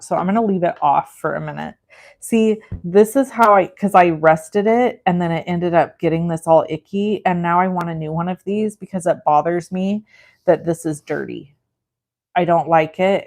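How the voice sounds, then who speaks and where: A woman's voice: fairly low pitch, a little mellow. A woman in her forties hosting a live crafting demo, talking in a chatty, rambling, self-deprecating way. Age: 40s. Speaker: craft livestream host.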